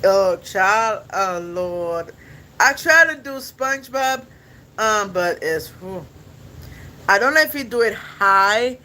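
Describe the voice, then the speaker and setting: A man's voice: high-pitched, animated, slow pace, sharp tone, low-quality recording. A young man hosting a podcast, chatting casually with his viewers in a rambling, playful way and laughing often. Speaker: podcast host.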